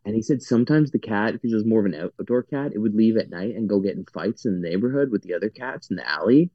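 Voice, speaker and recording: A man's voice: lowish voice, expressive, fast talker, no echo, highs cut off. A man telling a story casually on a podcast, rambling, filling his talk with "like" and breaking into laughter.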